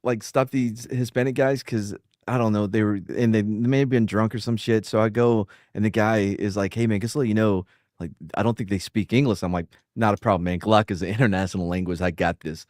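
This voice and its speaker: A man's voice: fairly low pitch, fairly even intonation, a little fast, darkish tone, no room sound, studio quality. A male podcast co-host telling stories casually, restarting sentences and swearing along the way. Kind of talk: casual storytelling.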